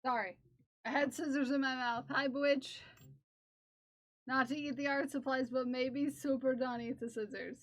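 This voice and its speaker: A woman's voice: sits high, fairly even intonation, normal speed. A woman livestreaming as she crafts, chatting playfully with her viewers while she works.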